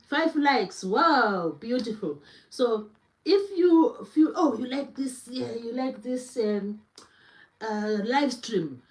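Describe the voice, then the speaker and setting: A woman with a slightly high voice talks slowly and easily to her live chat. She greets viewers one by one. The sound is roomy and echoing. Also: a little mellow. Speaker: cooking livestream host. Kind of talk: casual livestream chat. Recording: echoey room.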